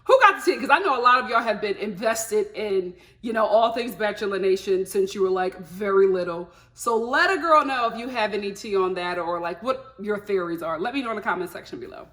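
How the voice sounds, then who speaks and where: A woman vlogger chatting casually about a reality show, animated and laughing, slipping into playful mock voices. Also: mid-range voice, fairly quick, few pauses. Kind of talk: casual review chat.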